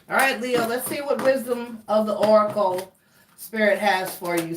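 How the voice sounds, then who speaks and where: A woman's voice: mid-range voice, fairly even intonation, moderate pace, reverberant, far from the mic, background noise. A woman giving a casual tarot reading, chatting freely and reading card meanings aloud, with restarts. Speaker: tarot reader.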